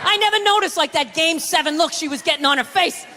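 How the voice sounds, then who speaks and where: A man doing a loud, profane stand-up routine on a comedy stage. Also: very high-pitched, fast talker, in a large hall, a little hiss or hum. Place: comedy stage with a live audience.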